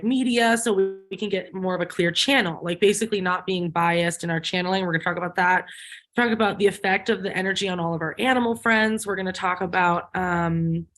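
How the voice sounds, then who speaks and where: A woman's voice: mid-range voice, fairly bright tone. A woman hosting a casual spiritual conversation on her channel, chatty and thinking aloud with fillers and small laughs. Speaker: host.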